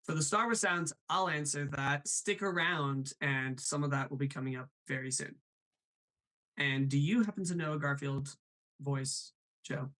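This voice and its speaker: A man's voice: fairly high pitch, moderate pace, pushed and bright, low-quality recording. A man hosting a live stream, chatting upbeat and reading viewer comments aloud. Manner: upbeat, laughs often, reads chat aloud. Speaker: host.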